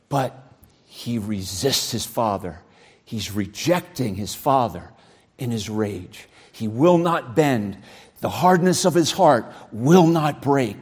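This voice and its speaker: A man preaching a sermon, swinging between loud, shouting emphasis and low, quiet passages. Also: animated, slow pace, slightly rough.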